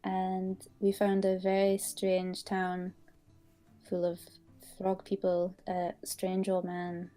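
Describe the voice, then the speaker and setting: Woman playing her character, halting speech. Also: on the low side, monotone, mellow, soft background music. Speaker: player. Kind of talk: in-character tabletop role-play.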